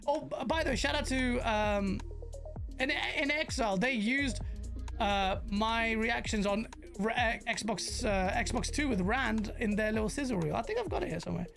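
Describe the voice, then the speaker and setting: A man's voice: very high-pitched, normal speed, vocal fry, over music. Slangy British man reacting on stream. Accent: British, London slang. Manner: animated, banters with chat, slangy. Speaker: gaming commentator host. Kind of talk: casual streamed reaction chat.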